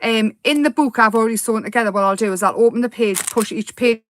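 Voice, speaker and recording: Chatty woman crafting, slightly high voice. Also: fast, no echo. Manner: rambling, giggly, easily excited. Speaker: craft tutorial host.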